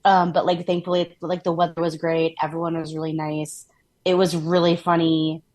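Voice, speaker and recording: Chatty Minnesotan woman, lower voice. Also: level tone, normal speed, darkish tone. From Minnesota, USA. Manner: chatty and upbeat, laughs often, many "like" fillers. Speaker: podcast co-host. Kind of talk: casual chat.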